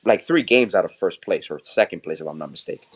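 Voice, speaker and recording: A man's voice: deep voice, expressive, fast, slightly rough. A man of Cuban background co-hosting a sports podcast, explaining things in a loose, laid-back way. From Cuban family. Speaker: podcast co-host. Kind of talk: casual sports chat.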